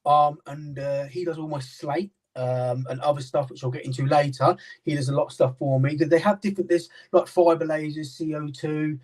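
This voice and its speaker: A man's voice: on the high side, steady tone, moderate pace, hardly any pauses, darkish tone, far from the mic, poor audio. A British man in casual chat, rambling with many fillers and restarts as he explains his knife-sharpening work. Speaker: knife sharpener and maker, guest. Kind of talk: casual chat on a live stream.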